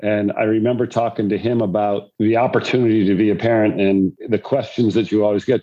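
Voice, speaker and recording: A man's voice: lowish voice, fairly even intonation, a little fast, dark tone, muffled recording. An older man, a former pro golfer, telling rambling anecdotes about fatherhood in a conversation. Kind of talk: storytelling in a conversation.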